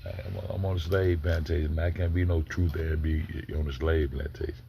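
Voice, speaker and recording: Gravelly man ranting on a stream. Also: rumbling low, fairly even intonation, moderate pace, dark tone, a little hiss or hum. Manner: loose, profane, rambling with many restarts. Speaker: streamer reacting to a video. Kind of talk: casual livestream commentary.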